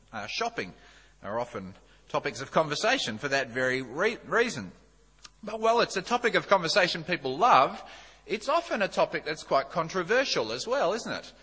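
A man gives a sermon to a church congregation in a bright, clear voice. He speaks conversationally, with plenty of fillers and humble asides. The sound carries a long church echo. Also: fairly high pitch. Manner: self-deprecating, conversational, many fillers. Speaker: visiting preacher. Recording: echoey church hall.

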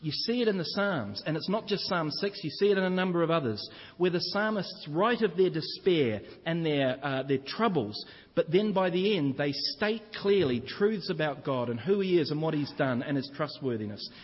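A man's voice: fairly high pitch, animated, moderate pace, husky. A man preaching a sermon as pastor, earnest and explanatory, often asking the congregation questions. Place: church. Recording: reverberant church hall, dull lo-fi sound.

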